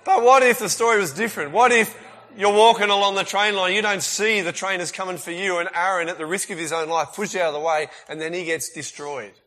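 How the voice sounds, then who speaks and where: A man preaching a sermon in a casual, emphatic way, swinging between loud bursts and quiet asides. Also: high-pitched, a little fast.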